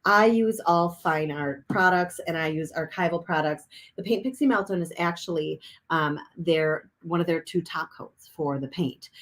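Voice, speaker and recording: A woman giving a casual, upbeat art journaling demonstration, chatting as she works in a cold room above a garage. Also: on the low side. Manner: chatty, upbeat, talks while working. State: chewing a cough drop. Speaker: art instructor.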